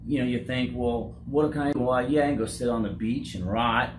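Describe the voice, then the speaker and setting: A man in his forties, owner of a roofing company, speaking candidly in an interview, halting and repeating words as he talks. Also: mid-range voice. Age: 40s. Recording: echoey room with noise.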